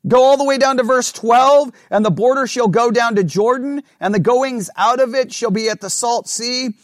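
High-voiced man teaching a Bible class. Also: no echo, clean studio sound. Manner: reads scripture slowly, questions the class often.

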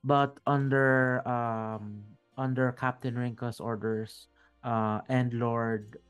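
A man voicing a calm male official in a fantasy game who explains orders in a matter-of-fact way. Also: medium pitch, takes it slowly, clear, resonant tone, soft background music, lightly acted. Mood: explaining.

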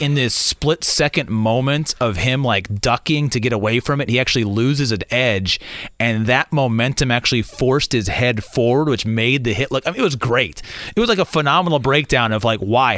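A man's voice: mid-range voice, no room sound, studio quality. A man hosting a sports radio show, chatting casually and acting out quotes as he tells a story. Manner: animated storyteller, acts out deadpan quotes.

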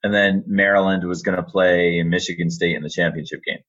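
A man who works as an arena announcer, telling animated stories in an interview. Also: deep voice, brisk, muffled recording. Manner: animated storyteller, lively, acts out quotes. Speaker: arena public address announcer. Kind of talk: storytelling in a podcast interview.

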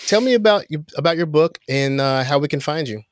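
A man's voice: a little high, expressive, a little fast, no room sound, studio quality. A man hosting an interview, mostly making brief encouraging remarks and questions to his guest. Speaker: podcast host. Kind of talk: interview conversation.

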